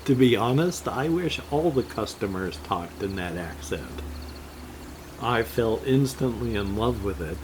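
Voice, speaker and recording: An older man talking in a slow, rambling, casual monologue about games, drifting from topic to topic and chuckling now and then. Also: on the low side, animated, slight background noise. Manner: slow, meandering, jumps between topics with chuckles. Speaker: gaming vlogger.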